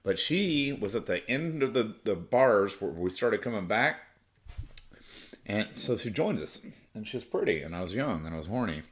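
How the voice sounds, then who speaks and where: A man's voice: fairly low pitch, sing-song, normal speed. A middle-aged American man casually telling a profane, rambling personal story as a podcast host. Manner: crude, profane, rambling with restarts.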